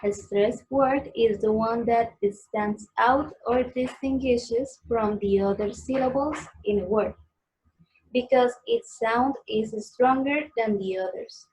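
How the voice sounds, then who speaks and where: A young Colombian woman speaking English as a second language, her voice pitched a little high. She talks slowly and carefully, filling gaps with um and uh. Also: darkish tone, low-quality recording. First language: Spanish. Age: young adult. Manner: careful, with um and uh pauses. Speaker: student presenter. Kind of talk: recorded class presentation.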